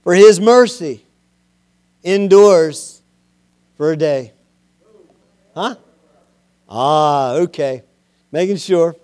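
Male preacher with a high voice, slow and deliberate, keeps pushing folks to say it loud. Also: clean tone, dry recording, studio quality. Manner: emphatic, urges listeners to say things aloud; plain-spoken, homespun. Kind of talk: sermon.

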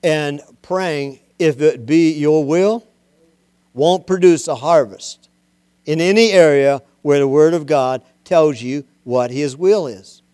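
A male preacher delivering a sermon, emphatic and plain-spoken, urging listeners to say the words out loud. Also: on the high side, slow pace, clear, resonant tone, no echo, clean studio sound. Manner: emphatic, urges listeners to say things aloud.

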